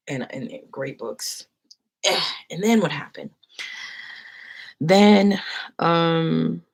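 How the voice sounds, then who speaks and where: Husky woman telling a rambling story. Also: low voice. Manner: animated, rambling, acts out quotes. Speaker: live streamer. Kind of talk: casual storytelling on a live stream.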